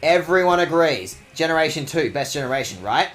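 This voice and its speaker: A man's voice: fairly high pitch, lively intonation, brisk, fairly bright tone. A male streamer ranting with mock outrage and frequent swearing, his voice leaping up and down. Faint game music plays behind him. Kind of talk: casual game stream commentary.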